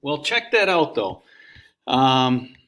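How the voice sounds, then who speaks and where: A man teaching a calculus lesson, talking through each calculator step aloud in a relaxed, folksy way. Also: mid-range voice, slow. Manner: relaxed, folksy classroom explaining. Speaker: math teacher.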